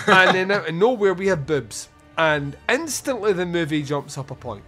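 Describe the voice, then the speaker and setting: Animated podcast host, swearing and laughing. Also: male voice, a little high, moderate pace, slightly rough, faint music behind. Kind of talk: casual film review chat.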